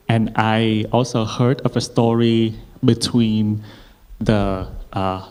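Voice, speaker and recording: A man's voice: fairly low pitch, a little mellow. A man asking his teacher a question, hesitant and full of fillers.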